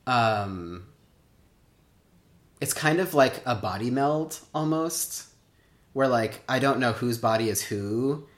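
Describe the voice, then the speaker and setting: Chatty man telling stories in a roomy space. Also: medium pitch. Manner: chatty, many "like" fillers, acts out quotes. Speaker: oral history interviewee. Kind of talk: casual personal storytelling. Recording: roomy echo.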